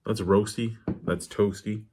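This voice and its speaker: A man with a slightly low, husky voice, casually reviewing a beer on camera. He chats loosely and wanders off into tangents before coming back. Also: fairly even intonation, unhurried, warm tone. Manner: rambling, digressive, candid; talks with his hands.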